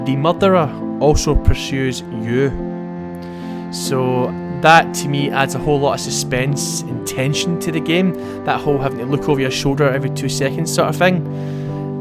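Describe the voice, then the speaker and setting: A young Scottish man hosting a casual, jokey let's-play video, chatting to his viewers. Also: medium pitch. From Scotland. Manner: chatty, jokey, keeps saying "guys". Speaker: gaming video host.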